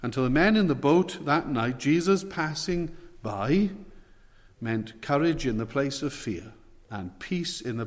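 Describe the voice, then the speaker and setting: A man's voice: fairly high pitch, a little mellow. A man preaching a sermon with emphatic, rising and falling delivery. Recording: long hall reverb.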